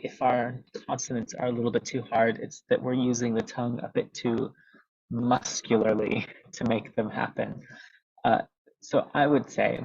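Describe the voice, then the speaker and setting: A man's voice: medium pitch, creaky, dry recording. A man, a vocal coach, explaining technique methodically over a video call with many ums. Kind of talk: webinar teaching. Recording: dull lo-fi video call audio.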